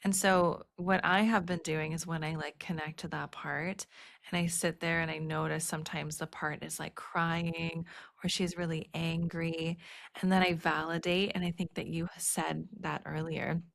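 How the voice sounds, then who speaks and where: A woman in her thirties, a birth educator, hosts a podcast about birth, speaking earnestly and casually with plenty of "like" and "you know." She is teary and emotional. Her low-pitched voice is creaky and a bit bright, with a level tone at normal speed.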